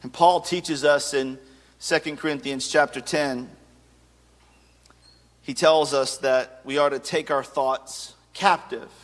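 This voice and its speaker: A man's voice: mid-range voice, steady tone, slow. A man in his thirties preaching a sermon as a pastor, conversational and humorous, slipping into acted asides. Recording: long reverb of a large hall.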